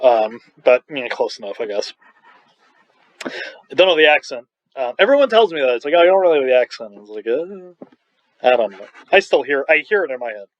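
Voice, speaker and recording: A man's voice: mid-range voice, big pitch swings, normal speed, long pauses, no room sound. A man from Long Island teaching a recorded online math lecture, enthusiastic and joking, wandering into rambling asides, with a slightly scratchy throat. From Long Island, New York. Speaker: math professor. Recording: dull, dry lo-fi recording.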